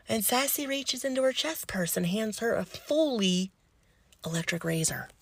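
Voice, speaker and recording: A woman who works as a home health aide telling a comic story, animated, blunt and salty. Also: mid-range voice, normal speed, no echo.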